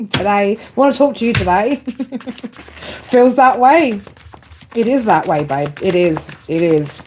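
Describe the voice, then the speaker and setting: A woman's voice: mid-range voice, lively intonation, slow pace, long pauses, a little mellow, a little hiss or hum. A woman doing a live tarot reading, blunt and casual, swearing often and talking straight to her viewers by name. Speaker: tarot reader.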